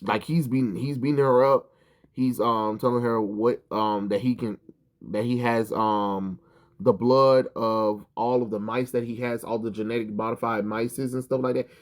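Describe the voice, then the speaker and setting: A man's voice: mid-range voice, fairly even intonation, normal speed. Rambling, cussing comic reviewer man. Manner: rambling and profane, heavy with ums and restarts. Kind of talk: casual commentary vlog.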